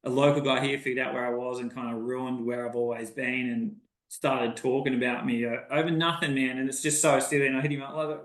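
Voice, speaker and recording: An Australian man talks loosely on a podcast, rambling from one story to the next and acting out both sides of old conversations. His voice sits at an ordinary middle pitch. The recording carries a noticeable roomy echo. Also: steady tone, fairly quick, a bit bright. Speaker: podcast guest, bowhunter. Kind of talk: casual podcast chat.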